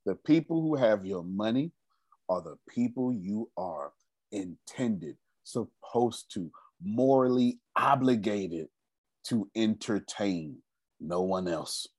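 A man's voice: lowish voice, animated, slow, a little mellow, no echo, clean studio sound. A man leading a group meeting with a motivational talk, emphatic and preachy, repeating his phrases and using casual slang. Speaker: meeting leader.

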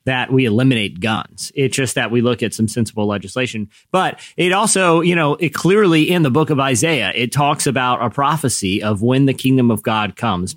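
A male host talking conversationally with a middle-pitched voice. He wanders through his points with fillers, and the sound is dry and close. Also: no room sound. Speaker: podcast host. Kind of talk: casual chat introducing clips.

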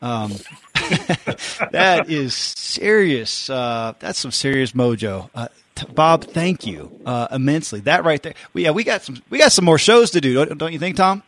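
A man's voice: on the high side, expressive, unhurried, a bit bright. Male co-host, enthusiastic, trips over his words. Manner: stammering, enthusiastic. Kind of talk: casual reaction.

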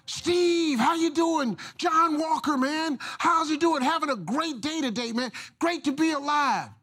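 A man's voice: unhurried, bright, forceful tone, full character voice. A man voicing an upbeat adult male friend who phones at dawn, cheerful and eager. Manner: cheerful, high-pitched and eager.

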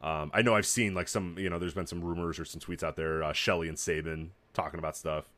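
Man, podcast co-host, quick loose chatter, lowish voice. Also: fairly even intonation, fairly bright tone. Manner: fast, loose, filler-heavy talk. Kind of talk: casual podcast chat.

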